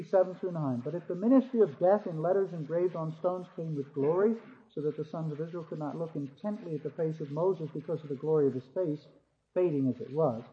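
A theology teacher with a fairly high voice lectures his class, reading scripture aloud and then explaining it point by point. He raises his voice to stress key words. The recording sounds muffled and lo-fi.

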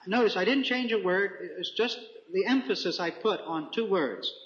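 A man preaching a Bible teaching sermon, reading scripture slowly and deliberately with careful emphasis. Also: high-pitched, lively intonation, a bit bright. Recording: echoey room, dull lo-fi sound.

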